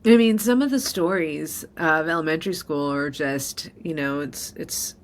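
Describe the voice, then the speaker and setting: A middle-aged woman podcast host with a low voice speaks at normal speed as she candidly shares a personal story. She is emotional and at times close to tears.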